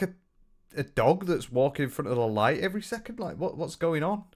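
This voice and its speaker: A man's voice: fairly high pitch, big pitch swings, a little fast. A British man reacting to a video in a mocking, sarcastic commentary full of swearing. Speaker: commentary streamer.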